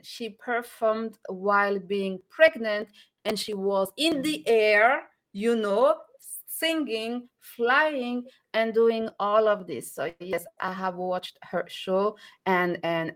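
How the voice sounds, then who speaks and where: A woman co-hosting a casual live-stream morning chat, animated, laughing often and speaking straight to viewers. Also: mid-range voice, slow. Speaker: co-host.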